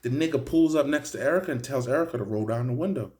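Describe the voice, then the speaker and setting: A young man telling a story in a casual, animated way, full of slang and profanity, often checking in with "right?". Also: medium pitch, fast. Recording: roomy echo.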